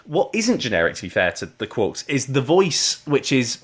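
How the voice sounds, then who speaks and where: A man's voice: mid-range voice, big pitch swings, normal speed. A man co-hosting a podcast, chatting casually about a TV serial in a rambling way. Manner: rambling, chatty, with frequent "like" and laughs. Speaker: podcast co-host. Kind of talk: casual chat reviewing a TV serial.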